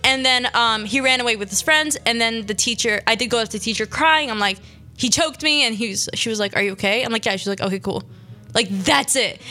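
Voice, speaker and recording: A woman's voice: on the high side, fast talker, bright, forceful tone. A teenage girl from Syria hosting a small radio show, chatting in a rambling way with lots of fillers. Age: teens. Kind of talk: casual chat.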